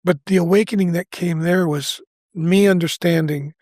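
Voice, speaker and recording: A man's voice: high voice, steady tone, moderate pace, darkish tone, dry recording. A man in his seventies, a podcast guest, telling a personal story candidly and earnestly. He restarts his sentences often and acts out the lines he quotes. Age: 70s.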